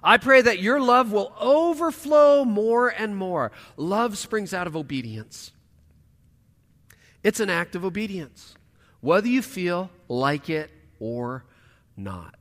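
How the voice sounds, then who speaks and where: Male pastor, sermon delivery, forceful tone, reverberant church hall. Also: high-pitched, big pitch swings, slow. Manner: swings from loud emphatic lines to hushed quiet asides.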